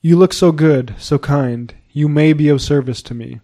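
A man's voice: fairly high pitch, normal speed, dark tone, lightly acted. A man voicing a melancholy young foreign page who pleads in a sorrowful, half-choked way. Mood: imploring.

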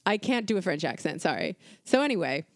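A woman's voice: lowish voice, very animated, fairly quick, no echo, studio quality. A woman co-hosting a casual history podcast, talking in an irreverent, profane, conversational way with plenty of fillers. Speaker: podcast co-host.

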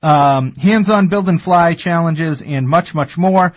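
A man with a Boston accent hosts a casual radio chat, rambling through announcements with fillers and a laugh. His voice sits a little high. The studio sound is dry and dull, like a lo-fi broadcast. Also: slow pace, no room sound. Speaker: radio show host.

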